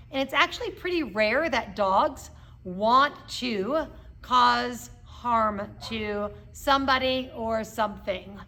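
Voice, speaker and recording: A woman's voice: on the high side, sharp tone. A middle-aged woman dog trainer explaining behavior terms in a casual teaching talk, often checking in with "okay?". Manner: explains with hand puppets, frequent "okay?" check-ins.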